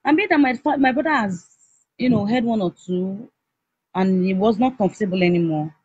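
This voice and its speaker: Husky Nigerian woman telling a heated story. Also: medium pitch, normal speed, a little mellow. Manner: heated, emotional retelling with many restarts. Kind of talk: personal storytelling. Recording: dull lo-fi recording.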